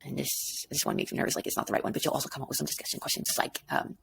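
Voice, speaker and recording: A woman's voice: a bass voice, sing-song, racing, gravelly, husky, no room sound. A tired woman teacher explaining an assignment in a recorded lesson, rambling casually and checking in with "okay?". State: tired, up before dawn.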